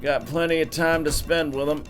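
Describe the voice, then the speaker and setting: A man's voice: a little high, steady tone, normal speed, faint music behind, close to an everyday voice. A man voicing a boastful, crude old geezer who grumbles and swears while playing a game on a livestream. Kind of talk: livestream gaming banter.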